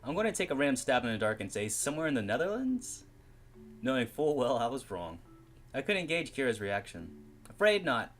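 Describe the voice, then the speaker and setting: A man reading a visual novel game aloud, with giggly, excitable asides and frequent laughter. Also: mid-range voice, fairly quick, soft background music.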